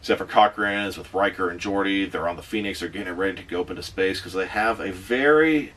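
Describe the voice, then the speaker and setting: Deep-voiced man recapping a movie. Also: recorded from a distance. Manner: animated retelling, quick asides. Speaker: movie reviewer.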